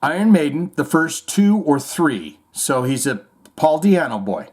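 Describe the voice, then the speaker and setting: A man's voice: on the high side, big pitch swings, unhurried, darkish tone, slightly rough. Irreverent man riffing on music news. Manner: irreverent, rambling, swears, mock-reads quotes. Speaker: host. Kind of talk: casual commentary on music news.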